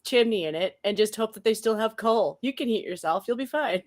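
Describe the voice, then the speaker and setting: A woman co-hosting a casual talk show, chatty and animated, often laughing as she talks. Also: medium pitch, fairly quick. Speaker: show co-host. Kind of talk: casual chat.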